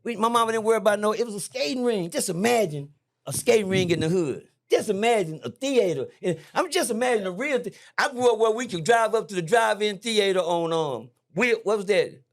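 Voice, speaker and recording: Fifties man, raised pitch, playful and digressive, slangy podcast storyteller. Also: a little fast. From Fort Worth, Texas. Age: 50s. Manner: teasing, rambling storyteller with slang. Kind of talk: casual chat. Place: indoor podcast room.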